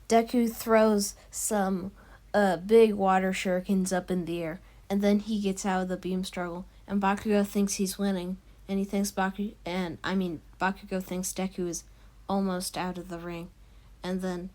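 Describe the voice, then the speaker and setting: A woman's voice: medium pitch, a little mellow. A woman casually telling a fan story as a video narrator, rambling with fillers and restarts.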